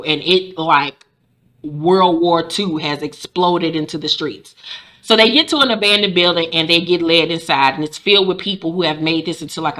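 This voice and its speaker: A woman recaps a TV episode in casual, sassy chatter. Her voice is bright, and her talk is full of profanity and asides. She jumps into the characters' lines with quick put-on voices. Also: medium pitch. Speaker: show recap host.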